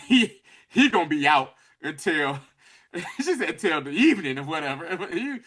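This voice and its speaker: A man's voice: a little high, normal speed, breathy edge. A man casually recapping a TV episode with a co-host, acting out the characters' lines as he goes. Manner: animated storytelling, acts out characters' lines. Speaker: podcast co-host.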